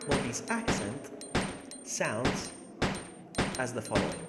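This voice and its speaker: A man's voice: mid-range voice, expressive, drawn-out words, over loud music. A man from Malta chatting casually with his viewers while he plays a game on a livestream. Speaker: streamer. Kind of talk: casual gaming livestream chat. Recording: echoey room with background noise.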